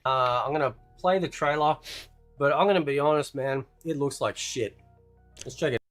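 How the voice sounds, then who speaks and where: A man's voice: mid-range voice, normal speed, a bit bright, dry recording, soft background music. A man with an Australian accent giving blunt, frustrated video commentary, often tagging his sentences with "right". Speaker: YouTuber.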